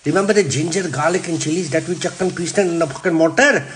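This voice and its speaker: Brash, foul-mouthed Yorkshire man, high voice. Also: fast, a little hiss or hum. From Yorkshire, England. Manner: brash, heavy swearing, deadpan asides. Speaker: cooking show host. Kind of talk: comic cooking demonstration.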